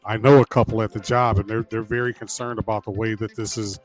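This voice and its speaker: A man's voice: fairly low pitch, little pitch movement, fast talker, faint music behind. A man co-hosting a sports podcast, giving his picks in a rambling, easygoing way with lots of fillers. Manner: rambling, many fillers and restarts. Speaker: podcast co-host. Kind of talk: casual sports talk.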